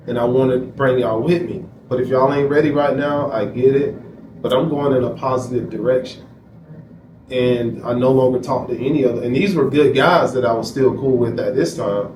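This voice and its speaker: A man as an interview guest, telling a personal story emphatically and quoting himself. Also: mid-range voice. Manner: emphatic, repeats phrases, quotes himself. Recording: echoey room, distant mic, noisy.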